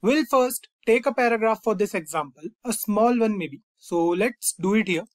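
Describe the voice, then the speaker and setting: A man's voice: high voice, normal speed, dry recording. Man teaching code, dry close voice. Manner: steady explaining tone, often says "fine" and "over here". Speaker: coding tutorial host. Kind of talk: screen-recorded coding lesson.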